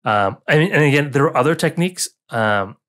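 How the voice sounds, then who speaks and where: A man's voice: a little high, expressive, fairly quick, fairly bright tone. A man co-hosting a podcast in casual chat, joking and often checking in with "right?". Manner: joking, affirming with frequent "right?". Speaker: podcast co-host.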